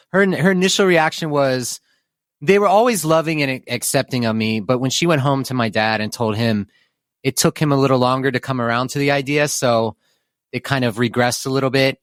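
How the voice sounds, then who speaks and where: A man's voice: medium pitch, fairly bright tone, no room sound, clean studio sound. A man hosting a podcast who chats in an upbeat way and tells stories freely. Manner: upbeat, chatty storyteller. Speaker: podcast host. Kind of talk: casual interview chat.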